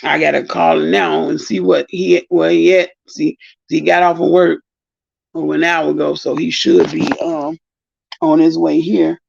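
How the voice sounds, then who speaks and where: Gravelly, husky middle-aged woman telling a story. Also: low voice, normal speed. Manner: animated, exclaiming, long-winded. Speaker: live-stream host. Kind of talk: casual storytelling monologue. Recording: dull lo-fi sound.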